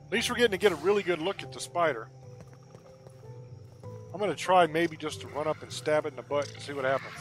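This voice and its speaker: A man giving casual, chatty gameplay commentary, thinking out loud and getting exasperated, with game music behind him. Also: fairly high pitch, fast, pauses often, rough recording. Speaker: gaming YouTuber.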